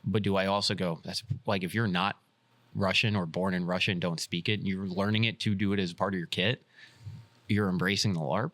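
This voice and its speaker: A man with a low voice talks through plans on a casual podcast. He is blunt, swears freely and thinks out loud. The sound is dry and close. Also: fairly even intonation, brisk, no echo. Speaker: podcast co-host.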